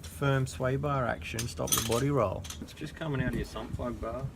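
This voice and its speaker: A man's voice: medium pitch, steady tone, normal speed, vocal fry, heavy background noise. An Australian man who is sick with a sore throat chats casually while working under a car, full of dry, joking sarcasm. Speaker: home mechanic vlogger.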